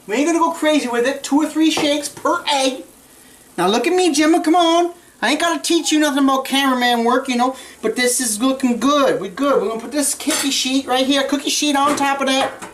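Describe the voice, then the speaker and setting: A man's voice: very high voice, a little hiss or hum. A man playing a folksy redneck cooking-show host, boastful and bossing his cameraman around in a home kitchen. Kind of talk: comic cooking demonstration. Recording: roomy kitchen echo.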